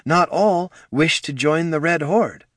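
A man doing an orc woman, calm, soft-spoken, measured, storybook. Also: a little high, no room sound, clean studio sound, pitched above the performer's own voice. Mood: earnest. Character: calm, steady older orc sister.

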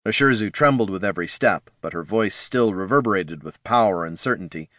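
A man narrating a fantasy audiobook in a measured, dramatic manner. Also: lowish voice, lively intonation, a bit bright, no room sound, clean studio sound.

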